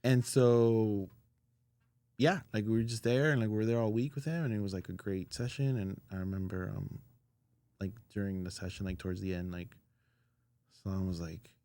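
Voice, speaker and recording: Male interview guest, low-pitched with gravelly fry, loose storyteller with lots of fillers. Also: moderate pace. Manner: relaxed, filler-heavy anecdotes. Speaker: audio engineer guest.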